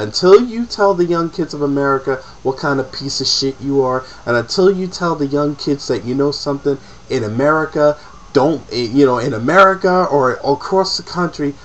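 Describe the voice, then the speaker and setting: A man's voice: mid-range voice, poor audio. A man in an emotional, profane personal rant to camera, repeating himself as he presses his point. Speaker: vlogger.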